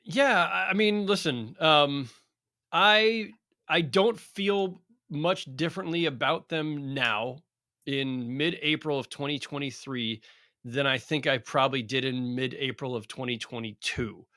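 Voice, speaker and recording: Bright, dry-sounding veteran reporter man. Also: fairly high pitch, dry recording. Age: middle-aged. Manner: measured, thoughtful, talks in long considered sentences. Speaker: veteran sports reporter, guest. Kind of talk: casual podcast interview.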